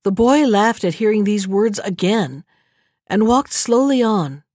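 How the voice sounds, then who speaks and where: A woman narrating a fairy tale audiobook in a steady, measured storytelling manner. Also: mid-range voice, dry recording, studio quality.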